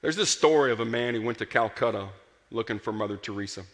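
A man preaching a sermon with earnest emphasis, rising to passion and dropping soft. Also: medium pitch, fast. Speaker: pastor. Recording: long hall reverb.

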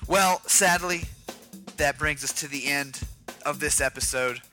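A man's voice: a little high, pushed and bright, soft background music. A man co-hosting a podcast, joking and laughing in casual banter. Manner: jokey, quick, laughing. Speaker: podcast co-host.

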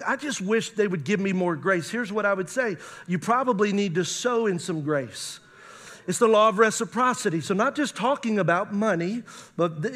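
Pastor, male, higher register, emphatic sermon delivery with scripture readings. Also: a bit bright. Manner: preaching with emphatic rises, reads scripture aloud.

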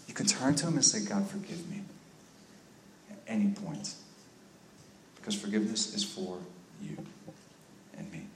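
Brief: male youth pastor, storytelling sermon that swells into fervent emphasis, echoey room with faint noise. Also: fairly low pitch.

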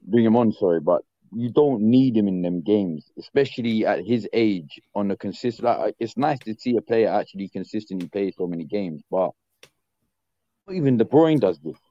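A man in casual football chat, animated and slangy, repeating words when he gets going, calling in on his phone. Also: fairly low pitch, moderate pace, no room sound, highs cut off. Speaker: football panel guest. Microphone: phone on a call.

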